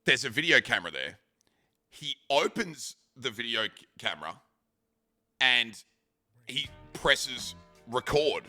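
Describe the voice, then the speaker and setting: A man's voice: mid-range voice, slow, long pauses, no echo, soft background music. A man in his thirties, a streamer, animatedly telling a long story, swearing casually and acting out what people said. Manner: animated, swears, acts out shouts.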